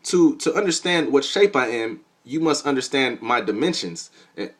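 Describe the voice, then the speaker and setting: A calm, otherworldly female hypersphere, voiced by a young man lectures about dimensions in a comedy vlog. She is patient and matter-of-fact, and her pitch moves about freely. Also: moderate pace, natural voice.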